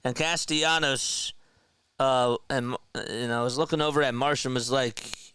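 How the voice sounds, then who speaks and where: A young man runs a fan play-by-play stream, moving between calling pitches and chatting with his viewers. His voice is smooth and resonant. It sounds dry and close, with no room around it. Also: fairly even intonation, measured pace, sharp tone, dry recording. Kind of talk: casual live play-by-play commentary.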